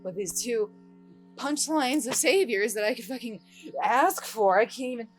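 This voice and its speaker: A woman's voice: a little high, moderate pace, close to an everyday voice. Frantic young woman unraveling, breathless self-talk, as an actress plays her, film drama, music under. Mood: panicked. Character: panicking young woman spiraling in guilt.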